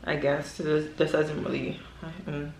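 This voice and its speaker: A woman's voice: low voice, monotone, a little slow, gravelly, a little mellow, a little hiss or hum. A young woman vlogging at home, chatting in a rambling way with many fillers while she eats. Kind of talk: casual chat while eating. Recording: echoey room.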